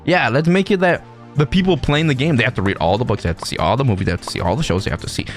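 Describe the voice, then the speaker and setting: A man's voice: medium pitch, rapid-fire, faint music behind. A man hosting a reaction video, talking casually with rambling asides, laughter and self-interruptions. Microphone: desk mic, no webcam.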